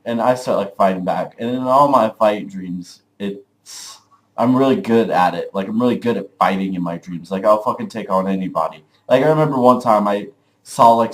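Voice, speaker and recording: A young man speaking to camera in a fairly low voice, telling a story in a loose, rambling way. He fills every sentence with "like" and swears casually as he goes. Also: normal speed. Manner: rambling, full of "like", profane. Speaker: vlogger.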